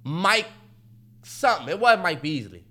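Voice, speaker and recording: A man co-hosting a casual sports podcast, loud and trash-talking, swearing a lot. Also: fairly high pitch, big pitch swings, a little slow. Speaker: podcast co-host.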